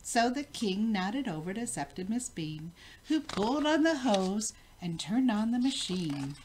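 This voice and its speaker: An older woman, a grandmother, reading a rhyming picture book aloud in a rhythmic, expressive way. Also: medium pitch, a little slow, slight background noise. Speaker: storybook reader.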